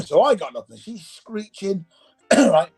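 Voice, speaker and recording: A man casually telling a personal ghost story, animated and acting out the voices in it, with faint music behind. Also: high-pitched, takes it slowly, slightly rough, rough recording.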